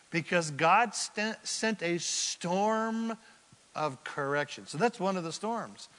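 A man preaching a sermon as pastor, swinging from loud bursts to hushed asides. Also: high-pitched, long reverb tail.

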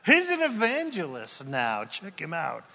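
A man preaching a sermon, telling stories in an animated way and acting out the people in them. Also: on the high side, a little slow, gravelly, in a large hall. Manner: animated storytelling, acting out voices, laughing. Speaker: pastor.

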